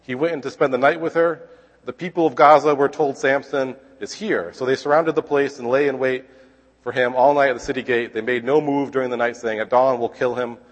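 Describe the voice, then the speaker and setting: A Bible teacher with a mid-range, steady voice speaks fast, giving a casual Bible lesson in which he retells and reads scripture conversationally. He keeps checking in with "okay?" and adds wry asides, and the sound has a long reverb tail.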